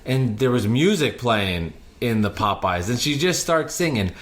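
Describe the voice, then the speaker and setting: Guy rambling through his delivery stories, mid-pitch voice, easygoing chat. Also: moderate pace, few pauses. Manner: animated anecdotes, breaks into singing. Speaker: podcast host and delivery driver. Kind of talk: casual storytelling chat.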